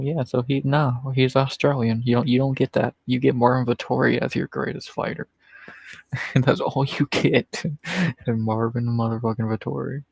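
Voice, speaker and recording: A man's voice: mid-range voice, gravelly, a little mellow, slightly rough, dry recording, poor audio. A man hosting a livestream in casual, profane, rambling chat, chuckling often. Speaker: livestream host.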